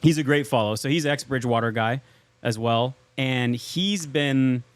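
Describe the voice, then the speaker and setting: A man's voice: medium pitch, moderate pace, dry recording. Man explaining a market chart. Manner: explanatory, guides the talk. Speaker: podcast co-host. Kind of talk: casual chat, market commentary.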